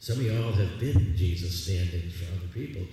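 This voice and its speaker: A man's voice: deep voice, brisk. A man preaching a sermon as a pastor, telling a personal story in a conversational, confessional way and inviting people to communion. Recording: echoey hall, distant mic, faint room noise.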